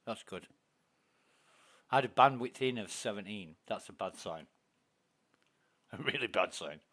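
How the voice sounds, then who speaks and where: A man's voice: on the low side, lively intonation, unhurried, a bit bright, breathy edge. A man streaming a space game, chatting casually and narrating what he is doing as he plays. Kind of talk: casual gaming chat.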